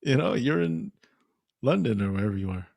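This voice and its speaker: A young man co-hosting a podcast, telling a story in animated casual chat and laughing often. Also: lowish voice, a little fast, vocal fry, no room sound, studio quality. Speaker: podcast co-host.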